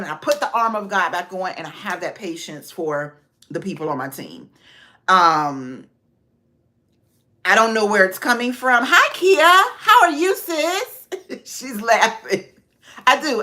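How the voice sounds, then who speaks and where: A woman's voice: mid-range voice, animated, normal speed, pushed and bright. A woman vlogger chatting casually on a livestream, talking to viewers by name.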